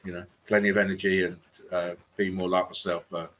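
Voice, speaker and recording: A man's voice: low voice, flat delivery, fast talker, a bit bright. A man co-hosting a livestream, talking casually with many fillers and restarts. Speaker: stream co-host.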